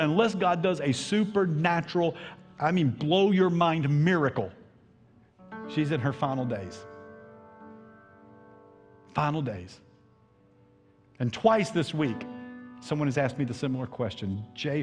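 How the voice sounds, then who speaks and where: Middle-aged Southern preacher, man, higher-pitched voice, impassioned sermon with hushed dips, echoing sanctuary. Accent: Southern American. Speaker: pastor. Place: church sanctuary. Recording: long hall reverb, faint music.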